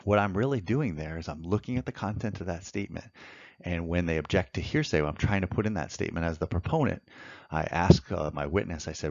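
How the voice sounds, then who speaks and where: A man's voice: deep voice, fast, vocal fry, a little mellow, no room sound, highs cut off. A man teaching evidence law in a methodical lecture, walking through courtroom examples step by step. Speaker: law instructor.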